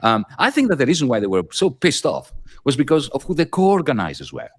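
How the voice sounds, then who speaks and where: A man speaking earnestly in a played clip, pausing often with fillers as he explains. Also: mid-range voice, wildly swooping pitch. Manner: earnest, searching for words with frequent fillers.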